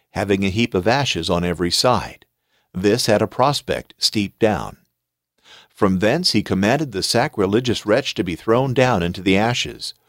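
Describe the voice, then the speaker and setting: Male reader, lower register, solemn and deliberate, dry studio sound. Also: no room sound. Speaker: scripture reader. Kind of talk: measured scripture reading.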